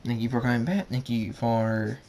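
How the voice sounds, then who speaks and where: A man's voice: medium pitch, fairly even intonation, normal speed, darkish tone, slight background noise. A man reading a fan story aloud, stumbling and repeating words as he narrates. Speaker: fan fiction reader.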